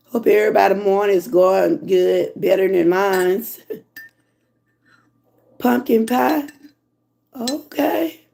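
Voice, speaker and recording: A hoarse woman from Georgia with a Southern accent, chatting casually with her livestream viewers and reading their comments. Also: mid-range voice, darkish tone, slight background noise. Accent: Southern American. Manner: chatty, drawn-out, talks to viewers as y'all. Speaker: livestream host.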